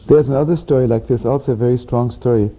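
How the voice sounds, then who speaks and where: A rabbi telling Hasidic stories in an animated, chatty way, peppered with 'you know', at a middle pitch. The old tape is dull and muffled. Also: male voice, quick pace. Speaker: rabbi and storyteller. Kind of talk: teaching through Hasidic tales.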